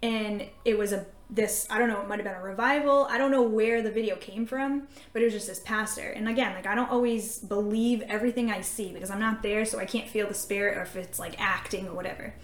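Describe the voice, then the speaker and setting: A woman co-hosting a faith podcast, telling a story in an animated, casual way with lots of fillers. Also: mid-range voice, fast, hardly any pauses. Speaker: podcast co-host. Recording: echoey room.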